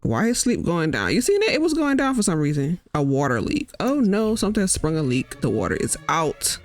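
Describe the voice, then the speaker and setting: Lively, chatty woman gaming host. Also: low-pitched, brisk. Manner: chatty, rambling, slangy. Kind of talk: casual let's-play commentary.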